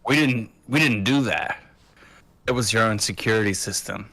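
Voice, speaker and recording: A man's voice: on the low side, normal speed, sharp tone. A man playing a tabletop game, talking in character in a firm, matter-of-fact way. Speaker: player.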